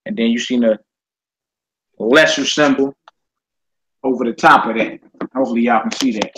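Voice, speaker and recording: A man's voice: mid-range voice, normal speed, rough recording. Laid-back man teaching a live-stream class. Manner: relaxed, chatty, talks to viewers as family. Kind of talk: casual live-stream lesson, reading viewer comments.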